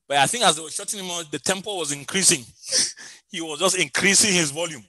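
Emphatic bright-voiced male preacher. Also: high voice, fast talker, dry recording, low-quality recording. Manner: emphatic, repeats key phrases, sings out some lines. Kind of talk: sermon.

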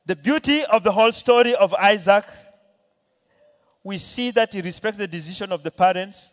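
A man preaching a sermon to a church, telling a Bible story and voicing its characters as he goes. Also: sits high. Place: church hall. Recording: long hall reverb.

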